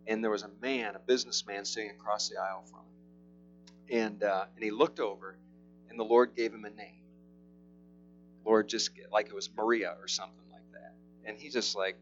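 A middle-aged male pastor tells a sermon story in a loose, rambling way, stopping and restarting often. The recording sounds a little dull. A guitar plays softly behind him. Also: fairly low pitch. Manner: rambling, halting, many restarts. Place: church service. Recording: slightly muffled with soft guitar.

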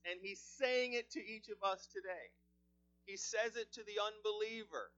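A man preaching a sermon, bright and lively in pitch as his voice swings from soft asides up to loud, ringing emphasis. The recording is a bit dull and lo-fi. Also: moderate pace. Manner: animated, rises loud on emphasis, drops soft at line ends.

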